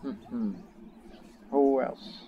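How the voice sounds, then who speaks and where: A man's voice: medium pitch, steady tone, very slow, lo-fi sound, a little hiss or hum. A man giving casual gameplay commentary as a let's play host, chatting to the characters on screen. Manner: chatty, talks to game characters.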